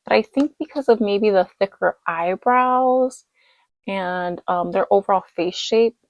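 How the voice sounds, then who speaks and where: Tired late at night, a woman reviews dolls in a rambling, chatty vlog full of fillers and self-corrections, speaking as a doll collector. Her mid-range voice is unhurried, and the audio is dull with no room sound.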